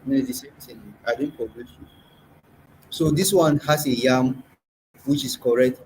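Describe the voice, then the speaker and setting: This language workshop teacher, a man with a Nigerian accent and a middle pitch, takes his class through patient questions and spells out pronunciations aloud. His delivery is measured and slightly mellow, though the audio is poor and a faint hum lingers in the room.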